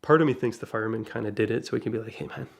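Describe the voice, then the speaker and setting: A man telling a casual first-person story about crashing his car, chatty and lively, with asides and small laughs. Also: fairly low pitch, rapid-fire, vocal fry. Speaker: DeLorean rental owner telling a crash story.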